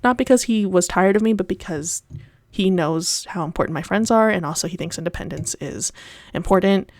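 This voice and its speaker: A woman's voice: on the low side, fairly quick, a little mellow. A young adult woman hosting her podcast, talking in a candid, rambling and tangential personal monologue. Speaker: podcast host.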